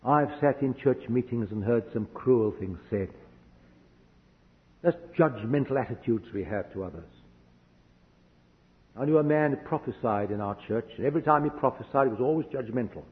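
A man's voice: mid-range voice, expressive, fairly quick. A man from a hot country preaching a sermon, telling a personal story earnestly and vividly. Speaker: visiting preacher. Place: church hall. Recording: echoey hall, dull lo-fi sound.

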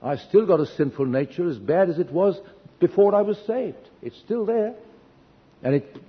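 A man's voice: high-pitched, animated, moderate pace, husky. Man preaching in an echoey church hall. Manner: earnest, self-deprecating storytelling with wry humor. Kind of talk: storytelling sermon. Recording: dull echoey church recording, faint hiss.

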